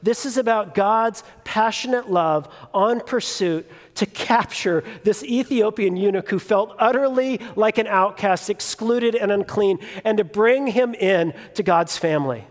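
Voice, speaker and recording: A man's voice: sits high, a little slow, hardly any pauses. A man in his thirties preaching a sermon, telling a personal story in a conversational way with fillers and restarts. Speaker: pastor. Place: church sanctuary. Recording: long hall reverb.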